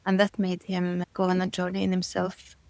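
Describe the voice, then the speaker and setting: A woman's voice: lowish voice, monotone, normal speed, vocal fry, a little mellow, dry recording, poor audio. A middle-aged woman being interviewed, talking thoughtfully and searching for her words, often breaking into light laughter between thoughts. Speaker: guest. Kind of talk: casual interview conversation.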